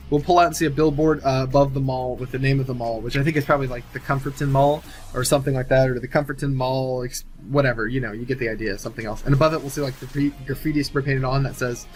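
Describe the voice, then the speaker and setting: A man's voice: medium pitch, fairly even intonation, quick pace. A man casually narrating an imagined film sequel, thinking aloud with many fillers and restarts. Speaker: movie sequel writer.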